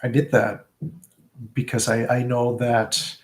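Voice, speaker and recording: A man's voice: mid-range voice, monotone. A man vlogging live in a casual, reflective way, often stopping and restarting his sentences. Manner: halting and reflective, with frequent restarts.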